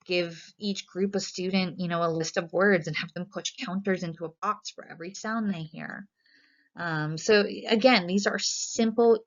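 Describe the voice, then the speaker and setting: Woman presenting a teacher seminar. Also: on the low side. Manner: frequent "um" fillers, friendly teacherly tone. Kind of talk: recorded presentation. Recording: dull lo-fi recording.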